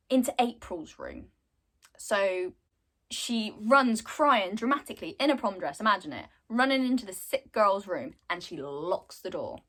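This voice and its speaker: Slow, chatty young woman recapping a story. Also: mid-range voice, fairly bright tone. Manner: chatty, lots of fillers. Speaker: content creator.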